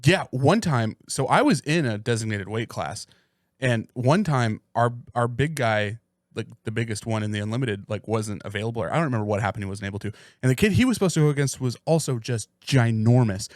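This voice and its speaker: A podcast co-host with a medium-pitched voice and lively intonation tells rambling, profane stories in casual chat, talking a little fast. The recording is dry with clean studio sound.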